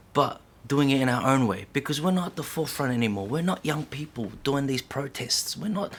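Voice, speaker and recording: A man's voice: medium pitch, fairly bright tone, slight background noise. A middle-aged man speaking to camera in an unscripted monologue, heated and profane, full of slang, who keeps checking in with "yeah?". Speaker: vlogger.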